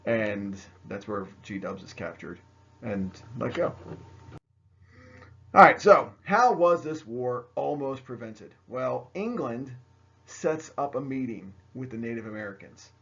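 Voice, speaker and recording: Gravelly joking male history teacher. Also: medium pitch, lively intonation, slow pace, fairly bright tone, dull audio. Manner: joking, chatty, addresses students directly. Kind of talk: recorded video lecture.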